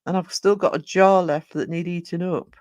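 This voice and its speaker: This muffled recording, free of room sound, captures a medium-pitched voice with fairly even intonation at a normal speed. A streamer rambles casually, reading chat and thanking viewers, with frequent fillers, restarts, and self-corrections.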